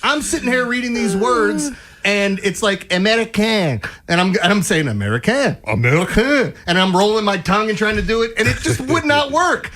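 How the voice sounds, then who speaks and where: A man hosting a casual sports radio show, telling animated stories with frequent laughter. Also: sits high, fairly quick. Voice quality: animated storyteller, laughs often.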